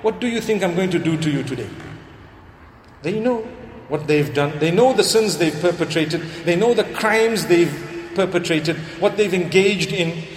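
A man's voice: high-pitched, lively intonation, normal speed, a little hiss or hum. A man preaching a sermon to a live audience, telling stories and weaving in Arabic quotations and prayers. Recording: echoey hall with faint ambience.

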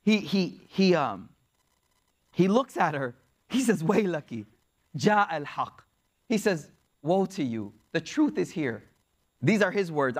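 A man preaching a storytelling sermon, lively and casual, acting out the people in the story. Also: a little high. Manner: lively, acts out the quoted figures, uses casual slang.

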